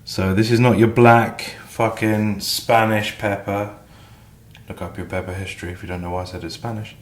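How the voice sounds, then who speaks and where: While cooking, a musician talks through his day in a lowish voice, level in tone and at normal speed. The vlog is chatty, self-deprecating, and freely sweary, recorded in an echoey kitchen with faint clatter.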